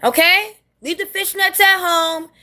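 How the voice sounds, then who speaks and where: A woman's voice: extremely high pitch, steady tone, unhurried, sharp tone. A woman vents in a blunt, sassy monologue. She talks straight to her viewers in casual rant mode, dropping curses as she goes. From New York City. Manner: blunt, sassy, swears freely. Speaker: vlogger.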